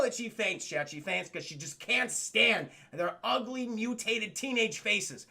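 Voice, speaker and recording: Streamer guy recapping a cartoon, super bright sharp voice, swears a lot, cracks himself up. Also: very high voice, moderate pace, vocal fry, few pauses. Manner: animated, profane, keeps addressing chat, laughs often. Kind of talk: casual cartoon recap chat.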